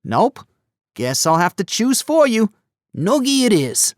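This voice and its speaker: A man's voice: high voice, very animated, takes it slowly, dry recording, studio quality, voice pushed up, full character voice. A man voicing a teasing, boisterous teenage boy in an audiobook, playful and needling. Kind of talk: audiobook character voice.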